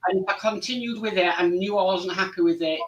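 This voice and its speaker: A man's voice: sits high, fast, recorded from a distance, lo-fi sound, a crowd in the background. A man hosting a casual model-building live stream, rambling and friendly with many fillers. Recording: voice somewhat off-mic.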